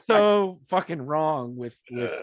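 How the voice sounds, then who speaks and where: Guy hosting a band interview, kinda high voice, swears a lot, acts out stories, dry close sound. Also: slow, no room sound, highs cut off. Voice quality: swears freely, animated storytelling. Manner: laughs often, acts out scenes in quoted voices. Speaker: podcast interviewer. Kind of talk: casual chat.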